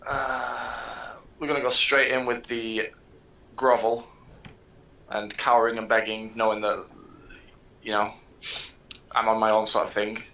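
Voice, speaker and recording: A man playing in a tabletop game, rambling casually with loose fillers and quick laughs. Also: medium pitch, level tone, creaky, bright, forceful tone, roomy sound, highs cut off. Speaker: player.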